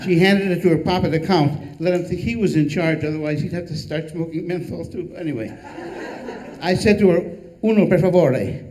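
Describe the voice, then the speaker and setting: An older man reads his own humorous memoir with a dry, wry touch, landing each punchline deadpan. His voice sits a little high for a man yet sounds mellow and warm, never sharp. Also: fairly quick, poor audio. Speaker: author.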